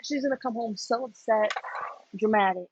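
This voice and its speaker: A young woman from Florida hosting a late-night livestream, chatting and telling animated stories as she works. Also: fairly high pitch, normal speed, highs cut off, a little hiss or hum. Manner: animated storytelling with laughs. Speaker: livestream host. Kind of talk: casual chat while working.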